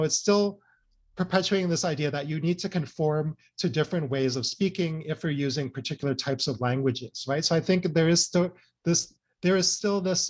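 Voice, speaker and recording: A man giving an academic presentation, explaining points earnestly and checking in with frequent "right?" and "you know" tags. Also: a little high.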